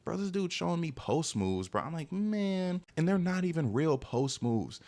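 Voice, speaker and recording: A man's voice: on the high side, normal speed. A young man telling a personal story in a casual, exasperated storytime monologue, constantly saying "bro". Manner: animated, exasperated, peppers speech with "bro".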